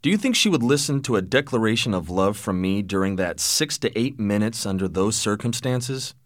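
A man's voice: on the low side, animated, normal speed, dry recording, close to an everyday voice. A man voicing an earnest young man pleading with his father, in a dry-sounding storybook reading. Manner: earnest, plaintive.

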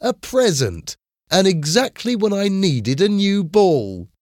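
A man voicing a cruel, mocking schoolboy bully who talks loudly and taunts. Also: sits high, sing-song, takes it slowly, no room sound, studio quality, pitched above the performer's own voice, full character voice. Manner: taunting, loud.

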